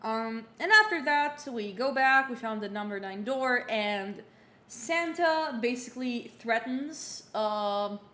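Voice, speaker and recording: Fairly high-pitched, bright, and forceful, a young woman in her twenties talks slowly but animatedly while playing on a livestream. She recaps the game casually, rambling with frequent fillers and restarts, and the audio carries roomy room echo over a faint hum.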